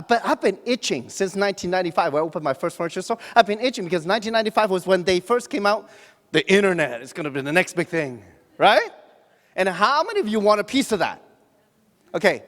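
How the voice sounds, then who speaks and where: A man in his forties from Hong Kong gives a joking motivational talk at a business event, speaking before an audience in a large, reverberant hall. His high, fairly bright voice asks the audience questions, with frequent restarts and fillers.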